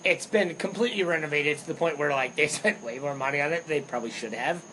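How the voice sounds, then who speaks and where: Young male podcast co-host, slightly higher voice, lively candid storyteller, faint hiss behind. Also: fast, rough recording. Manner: animated storyteller, swears freely. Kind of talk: casual chat.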